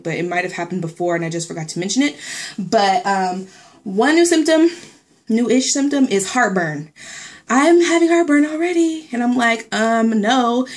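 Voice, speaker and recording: A young woman chatting through a casual vlog update, rambling with lots of fillers and slightly out of breath. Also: medium pitch. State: a little out of breath. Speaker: pregnancy vlogger.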